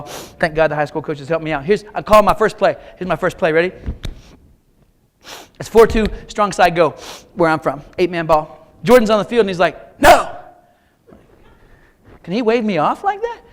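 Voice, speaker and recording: His voice sits high and sounds expressive, moving along fairly quickly. A middle-aged man from Kansas, he tells motivational stories in a keynote at a large auditorium, joking in a folksy manner and talking straight to his audience.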